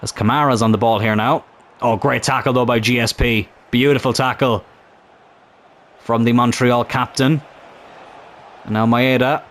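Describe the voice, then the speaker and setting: A man's voice: mid-range voice, moderate pace, pauses often. Chatty man commentating gameplay. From Ireland. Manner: chatty, breaks into excited shouts at big chances and goals. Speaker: gaming YouTuber commentating his own match.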